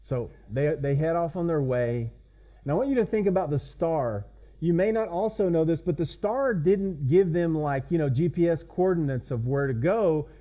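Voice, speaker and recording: Pastor preaching, asking the congregation questions. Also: male voice, fairly high pitch, expressive, moderate pace, dull audio. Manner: conversational, asks the congregation questions. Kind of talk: sermon.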